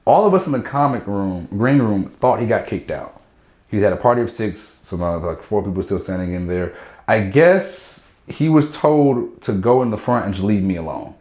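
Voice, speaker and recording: A man, a stand-up comedian, telling a story in casual chat, animated and acting out what people said. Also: lowish voice, normal speed, roomy sound. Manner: animated, acts out quotes in shifting voices.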